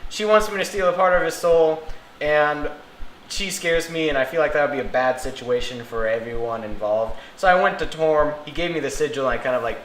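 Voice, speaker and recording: A man playing his character at a tabletop game, lively and laughing often, with hesitant restarts. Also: fairly high pitch, a little fast. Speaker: player. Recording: echoey room with faint noise.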